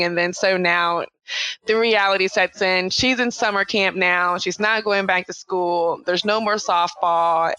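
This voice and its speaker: A woman's voice: fairly low pitch, pushed and bright, poor audio. A woman in her thirties, a mother of three, chatting in an interview and acting out the voices of her family as she tells stories. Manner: chatty storyteller, acts out quoted voices with laughs. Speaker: podcast guest, mother of three. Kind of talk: casual interview chat.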